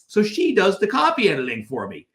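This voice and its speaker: Man, higher voice, guest author, animated storyteller, acts out dialogue, echoey room. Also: fairly quick. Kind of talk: animated storytelling in a podcast interview.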